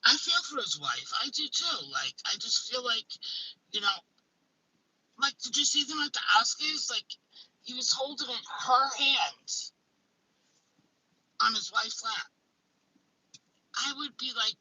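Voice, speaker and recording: A woman's voice: fairly high pitch, animated, unhurried, long pauses, sharp tone, husky, dry recording, rough recording. A woman chatting casually as a host, blunt and emphatic, swearing freely as she talks. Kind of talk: casual chat.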